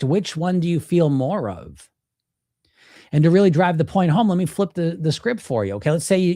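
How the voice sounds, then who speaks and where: Animated, blunt male weight-loss coach. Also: a little high, no room sound, clean studio sound. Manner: animated, acts out inner self-talk in quoted voices; blunt, casual swearing. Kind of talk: direct-to-camera coaching talk.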